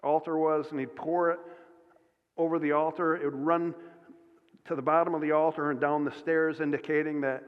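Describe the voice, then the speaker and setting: A man preaching a sermon as pastor, earnest, often restarting and filling pauses with "uh" and "um". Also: a little high, level tone. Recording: dull sound with long hall reverb.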